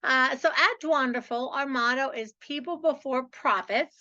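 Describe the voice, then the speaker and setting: Upbeat woman host with a bright, slightly high voice, chatty and keen, recorded on muffled lo-fi audio. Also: a little slow. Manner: chatty, enthusiastic, says "like" and "so" often. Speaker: podcast host. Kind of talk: upbeat podcast monologue.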